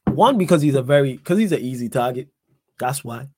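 A young man hosting a podcast, answering viewer questions in a calm, laid-back, conversational way. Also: mid-range voice, a little fast, a little hiss or hum. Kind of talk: casual chat.

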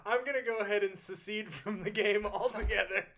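A man's voice: sits high, steady tone, brisk. A man co-hosting a comedy podcast, laughing and swearing freely in casual banter. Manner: loud, laughing, swears a lot. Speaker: podcast co-host.

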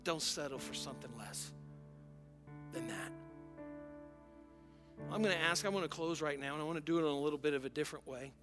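A man's voice: fairly high pitch, brisk, long pauses. A middle-aged male pastor preaching a sermon in an earnest way, often repeating words and restarting. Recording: music playing softly behind.

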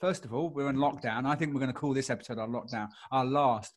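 A man's voice: mid-range voice, fast. A man in his forties hosting a music podcast, chatting casually with a wry, self-deprecating humor. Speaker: podcast host. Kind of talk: casual chat.

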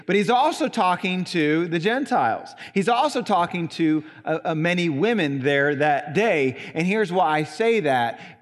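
Man, Southern Indiana accent, preaching, high voice, long church reverb. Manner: emphatic, stresses single words with long pauses. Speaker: pastor. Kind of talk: sermon. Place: church sanctuary.

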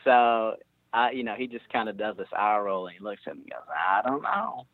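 A man's voice: on the low side, sing-song, a little fast, vocal fry, no room sound. A man with a Kentucky accent telling a story in a casual podcast chat, rambling and laughing as he goes. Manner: rambling, laughing, repeats words. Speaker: podcast co-host, guest. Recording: dry tinny phone-like line.

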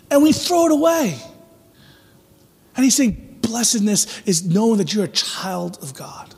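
Husky high-voiced male pastor preaching. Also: unhurried. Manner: conversational, animated preaching with acted-out asides. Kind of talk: sermon. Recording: long reverb of a large hall.

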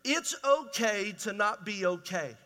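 A man's voice: sits high, lively intonation, unhurried, sharp tone. A man preaching a conversational, emphatic sermon as pastor in a large church hall.

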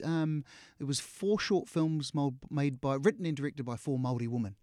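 A man's voice: a little high, fairly quick, few pauses, smooth, no echo, clean studio sound. A middle-aged man with a New Zealand accent, an actor being interviewed, telling casual stories and acting out what people said, laughing often. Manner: animated, acts out quotes, laughs often. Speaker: actor, guest.

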